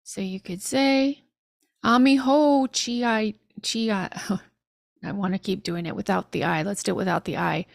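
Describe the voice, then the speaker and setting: A woman teaching an online language lesson, sounding out phrases slowly and carefully with light laughs between tries. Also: mid-range voice, vocal fry, no room sound, clean studio sound. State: frog in her throat.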